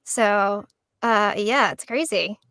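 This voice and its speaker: A woman guest in a casual discussion, giggly and excitable. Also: medium pitch, slow pace, dry recording, studio quality.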